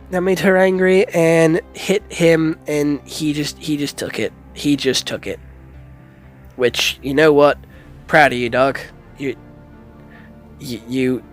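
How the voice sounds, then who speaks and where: In a fairly high-pitched voice, a man casually and bluntly reviews a film, swearing a lot, stumbling over restarts, and calling people "dog".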